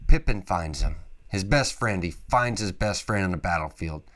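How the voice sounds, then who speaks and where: A man hosting a podcast, talking casually and excitably, with lots of emphatic interjections. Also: deep voice, normal speed. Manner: excitable, emphatic, peppered with "freaking" and "dude". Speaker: podcast host. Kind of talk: casual solo podcast monologue.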